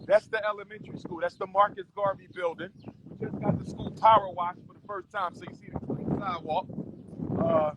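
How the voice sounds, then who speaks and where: A man hosting a casual street conversation outdoors, talking in an animated, preachy way. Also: high-pitched, brisk, heavy background noise. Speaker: host.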